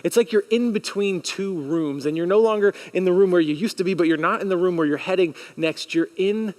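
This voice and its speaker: High-voiced man preaching a casual sermon. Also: fairly quick. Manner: conversational and earnest, acts out inner questions; animated, with audience call-and-response. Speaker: pastor. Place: church sanctuary.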